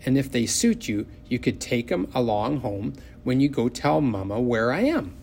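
A man's voice: medium pitch, very animated, normal speed, darkish tone, slight background noise. A plainspoken country boy, as a man reading a storybook voices him, blunt and stubborn. He talks in a folksy, down-to-earth way.

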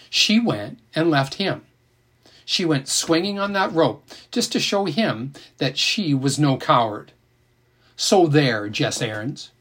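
A man narrating an audiobook in an expressive, emotional reading style. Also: on the high side, husky.

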